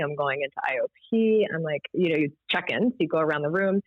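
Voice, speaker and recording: Maryland woman in her 40s telling her story all animated, dry close sound, kinda muffled. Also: low-pitched, a little fast, few pauses, dry recording. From Maryland, USA. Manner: talkative and animated, with frequent restarts and laughter. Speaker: podcast guest. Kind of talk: candid personal storytelling. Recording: dry, slightly dull podcast audio.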